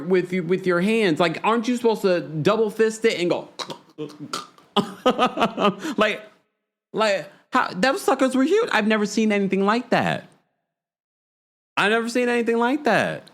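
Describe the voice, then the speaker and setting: A man hosting a live recap show, chatting casually, reading out viewer comments and gossiping with animated energy. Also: sits high. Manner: animated, gossipy, mimics people in quotes. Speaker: podcast host.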